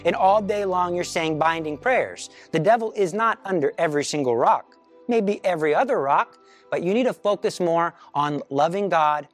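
A man giving a spiritual teaching talk, speaking in a firm, emphatic prayer cadence. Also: on the high side. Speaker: Catholic teacher.

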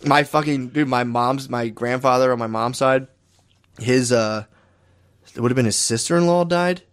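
A man's voice: mid-range voice, moderate pace, smooth. A young man in casual crude chat, rambling through stories, saying "dude" constantly and laughing often.

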